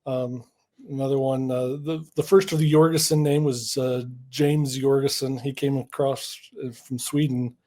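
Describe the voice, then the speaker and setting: A man's voice: medium pitch, level tone, normal speed, dark tone. A man from Idaho, a guest in a casual interview, telling history stories in an easygoing, jokey way. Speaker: guest, Mormon history storyteller.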